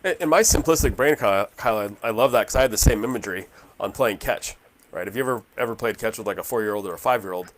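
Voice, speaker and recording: A man co-hosting a casual book discussion, with a fairly low voice. He tells stories in a folksy, self-deprecating way. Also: quick pace. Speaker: podcast co-host.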